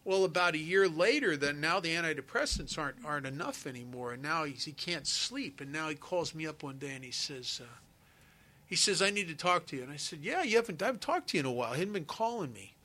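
A man's voice: fairly high pitch, sing-song, fast, sharp tone. A man speaking at a recovery meeting, telling a personal story in an earnest, conversational way and acting out the dialogue. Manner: storytelling, acts out quoted dialogue.

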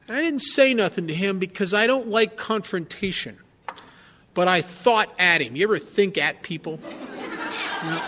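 A man's voice: high voice, a little slow, long pauses, pushed and bright. A man giving a candid, self-mocking personal testimony at a recovery meeting, often turning to the listeners with asides.

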